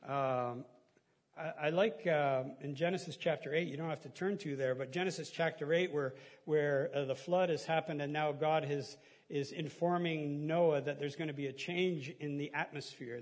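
A middle-aged pastor preaches in a relaxed, folksy way, chuckling as he goes. His voice sits high and has a husky edge. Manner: chatty, folksy, laughs at own stories, many restarts. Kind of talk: casual conversational sermon.

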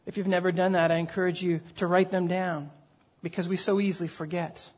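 A man's voice: high voice, little pitch movement, brisk. A man preaching a sermon as pastor, earnest and conversational, with frequent fillers and repeated words.

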